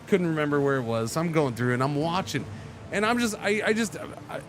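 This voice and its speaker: A man's voice: a little high, a little fast. A man streaming a game, telling a rambling story in casual chat with lots of restarts. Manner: rambling, animated, many restarts. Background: background music.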